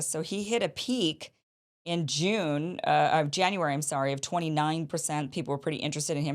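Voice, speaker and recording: A woman with a fairly low voice hosts a political commentary show. She talks in a sarcastic, mocking way. She is lively and drifts into sneering asides. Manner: animated, with mock voices of opponents. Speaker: show host.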